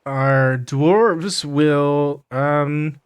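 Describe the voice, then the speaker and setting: A man narrating a tabletop game as game master, halting with fillers and restarts. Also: a little high, clean tone.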